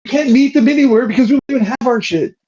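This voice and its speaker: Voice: medium pitch, very fast, warm tone. A player in a tabletop game, blunt and sarcastic with some swearing. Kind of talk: tabletop role-play chat. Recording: dull lo-fi mic.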